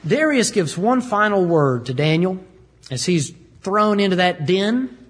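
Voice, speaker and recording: High, husky preacher. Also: male voice, lively intonation, a little slow. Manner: emphatic, repeats phrases, explains scripture plainly. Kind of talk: sermon.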